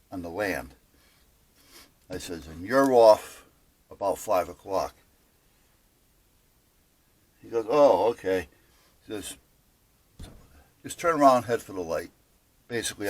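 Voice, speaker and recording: An older man casually telling a long story, rambling with fillers and correcting himself as he goes. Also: low-pitched. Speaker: boat owner telling a story.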